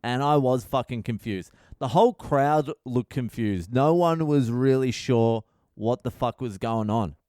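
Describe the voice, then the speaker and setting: A man's voice: mid-range voice, unhurried, hardly any pauses, a little mellow, no room sound, clean studio sound. Sweary exasperated man. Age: middle-aged. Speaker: comedian podcast host. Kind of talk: casual comedic storytelling monologue.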